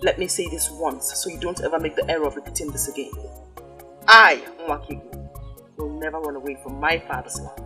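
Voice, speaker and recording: A woman's voice: low voice, fast talker, hardly any pauses, over music, natural voice. A woman playing a proud, defiant young village maiden in a Nollywood film, speaking firmly. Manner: firm, defiant.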